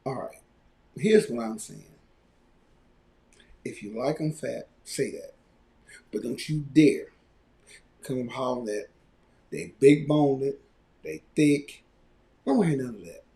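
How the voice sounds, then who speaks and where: A man hosting a live podcast, ranting loudly and mockingly. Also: medium pitch, unhurried, vocal fry, pauses often. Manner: loud, animated ranting with mocking quoted voices. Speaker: podcast host.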